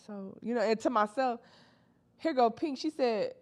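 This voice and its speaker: Animated young woman telling a story. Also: fairly high pitch, a little slow. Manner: animated, slangy, acts out friends' lines in quotes. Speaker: storytime vlogger. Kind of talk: casual storytelling.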